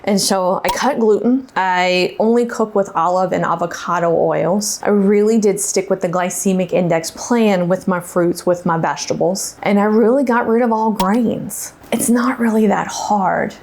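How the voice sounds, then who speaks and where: A woman's voice: mid-range voice, steady tone, normal speed, hardly any pauses, darkish tone. A woman dietitian, telling her personal story to viewers in a chatty, folksy way. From Louisiana.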